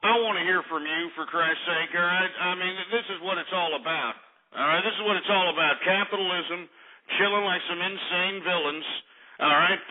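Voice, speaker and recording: A man from Texas hosting a call-in radio show, ranting loudly and profanely and ending lines with "all right?". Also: high voice, fairly even intonation, a little fast. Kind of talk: brash call-in talk radio. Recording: phone-like lo-fi audio.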